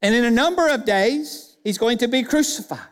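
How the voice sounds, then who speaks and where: Male pastor, high-pitched and emphatic, preaching with rhetorical questions in a church with a long reverb. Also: expressive, brisk. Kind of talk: sermon. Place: church sanctuary.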